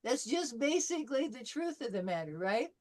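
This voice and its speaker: A woman's voice: a little high, sing-song, moderate pace, a little mellow. An older woman from California teaching a French class, chatting through anecdotes with fillers and restarts. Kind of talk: classroom lesson wrap-up.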